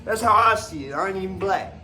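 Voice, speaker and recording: A man's voice: high-pitched, lively intonation, brisk, sharp tone, soft background music. A man, a former wrestler ranting casually on a podcast, profane and rambling with lots of fillers.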